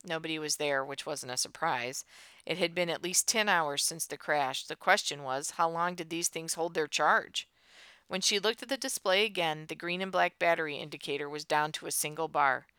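A woman narrating a tense audiobook in a steady storytelling voice. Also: low voice, moderate pace, clean tone, no echo.

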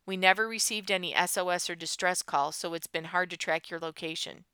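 A woman voicing a calm male coast guard commander who gives steady, clipped instructions. The voice stays bright and clear. The recording is close and dry. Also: fairly low pitch, a little fast, dry recording.

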